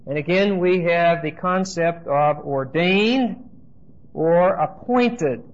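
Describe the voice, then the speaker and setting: A man's voice: a little high, takes it slowly, highs cut off. A man teaching a congregation through Bible verses in a conversational way, often checking in with "okay?" and making asides during a church service. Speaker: pastor.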